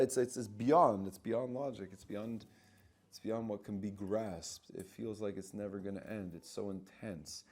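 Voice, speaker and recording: A man who works as a spiritual coach, giving an animated teaching talk, repeating phrases and acting out inner voices as he explains. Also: medium pitch, moderate pace.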